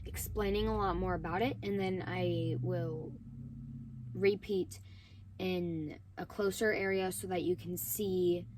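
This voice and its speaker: A woman hosting her own vlog, talking to camera in an earnest, emotional way with halting pauses and a hoarse, sore throat. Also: on the low side, steady tone, a little mellow, a little hiss or hum. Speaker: vlog host.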